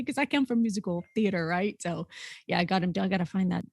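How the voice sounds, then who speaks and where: A woman's voice: mid-range voice, fairly even intonation, fast talker, no room sound, clean studio sound. A woman in her thirties co-hosting a podcast, chatty and playful in casual conversation. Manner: laughs often, chatty and playful. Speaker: podcast co-host. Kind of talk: casual chat.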